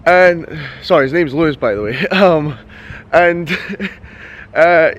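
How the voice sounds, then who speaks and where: A young man with a voice that sits a little high for a man, chatting straight to camera in a casual vlog. He tells stories in an excitable, rambling way and swears freely. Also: moderate pace. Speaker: fitness coach and vlogger.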